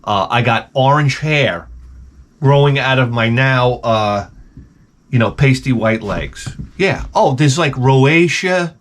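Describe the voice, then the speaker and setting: A man's voice: mid-range voice, slow, slight background noise. A man in his forties with a sarcastic, self-mocking manner, rambling through a comic story outdoors by his shed. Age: 40s. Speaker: vlogger. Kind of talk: rambling comedic monologue.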